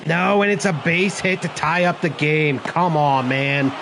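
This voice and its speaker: A young man giving live, excitable commentary over his baseball video game, groaning and cheering at each pitch. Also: a little slow, slight background noise. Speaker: gaming channel host.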